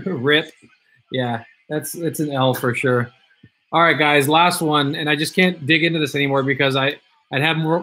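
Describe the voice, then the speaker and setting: A man's voice: fairly high pitch, bright, forceful tone. A man hosting a casual livestream, chatting loosely, reading viewer comments aloud and repeating himself. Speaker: livestream host opening card packs.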